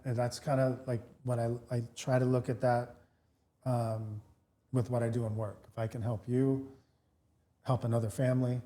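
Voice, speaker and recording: A man tells a long anecdote on a podcast, quoting people as he goes and often restarting his sentences. His voice sits in a middle pitch with a mellow, dark tone. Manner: animated storyteller, many restarts, acts out both sides of dialogue. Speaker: podcast co-host, real estate broker. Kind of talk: casual storytelling chat.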